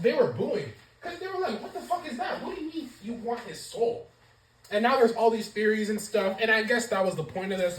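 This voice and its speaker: Profane, animated woman ranting about wrestling. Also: medium pitch, echoey room, rough recording. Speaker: wrestling show reviewer. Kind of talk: casual wrestling review vlog.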